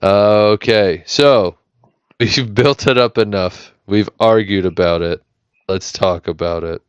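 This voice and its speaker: A man with a very low, smooth and resonant American voice, chatting loosely and correcting himself mid-sentence. The recording is dull and lo-fi, with a dry, close sound. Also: takes it slowly, no echo. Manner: rambling, self-correcting, joking. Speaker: podcast host keeping the notes. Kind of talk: casual chat.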